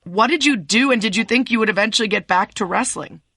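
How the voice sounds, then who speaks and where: Bright, dry-voiced podcast interviewer. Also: medium pitch, fast talker, no echo. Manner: supportive, sums up the guest's story before asking. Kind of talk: conversational interview.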